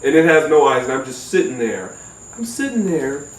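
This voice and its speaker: A man telling a comic personal story in an animated, profane, rambling way. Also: mid-range voice, moderate pace, distant mic. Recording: roomy echo, off-mic.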